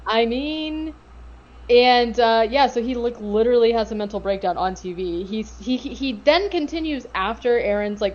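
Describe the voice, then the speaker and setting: A woman co-hosting a podcast, recapping a show in casual chat with profane, sarcastic, animated retelling. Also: fairly high pitch, highs cut off. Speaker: podcast co-host.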